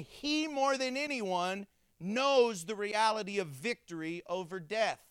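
A pastor preaching a sermon to his congregation, animated, acting out the voices of people in the story. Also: high-pitched, normal speed, clear, resonant tone, no room sound, clean studio sound.

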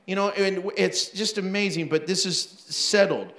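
A male pastor preaches with a slightly raised pitch, telling his stories with laughter and quick acted-out voices. His voice rings through a roomy, echoing church hall. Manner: animated storytelling with laughs and acted-out asides. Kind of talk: sermon.

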